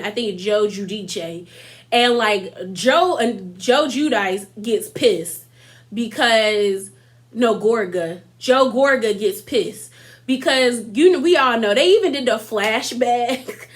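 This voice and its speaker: Slangy young woman recapping reality TV. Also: a little high. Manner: chatty and slangy, talks straight to viewers; acts out cast members' lines in mocking voices. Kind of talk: casual episode recap commentary.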